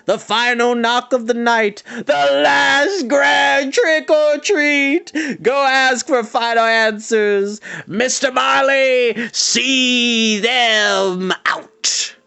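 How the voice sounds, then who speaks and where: A man voicing a grand, eerie male Halloween spirit who calls out in booming, drawn-out lines in a read-aloud storybook. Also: creaky, bright, forceful tone, clear, resonant tone, heavily acted. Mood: grandly calling.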